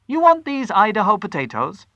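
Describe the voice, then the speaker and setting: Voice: mid-range voice, wildly swooping pitch, moderate pace, fairly bright tone, dry recording, muffled recording, pitched above the performer's own voice. A storyteller voicing a friendly, helpful male grocer behind a shop counter. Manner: genial, helpful shopkeeper talk.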